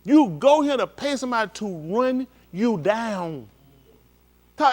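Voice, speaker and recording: A male preacher, giving an informal, animated sermon with shouted bursts and acted-out scenes. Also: high voice, normal speed. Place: synagogue hall.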